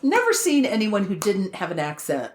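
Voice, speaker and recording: A woman's voice: medium pitch, moderate pace, roomy sound. A woman co-hosting a podcast, telling stories in casual chat and swearing freely. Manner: animated storyteller, swears freely. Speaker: podcast co-host.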